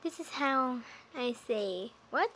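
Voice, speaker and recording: A woman's voice: high voice, a little slow, a little hiss or hum. A woman in a casual vlog, rambling and hesitant as she demonstrates animal noises. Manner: rambling and hesitant, with restarts and apologies.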